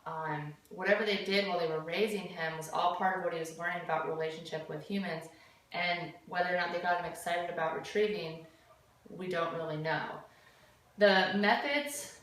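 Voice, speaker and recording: A woman dog trainer giving a steady, explanatory lesson outdoors in a field. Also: on the low side, a little hiss or hum. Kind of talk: instructional narration. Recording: echoey, from far off.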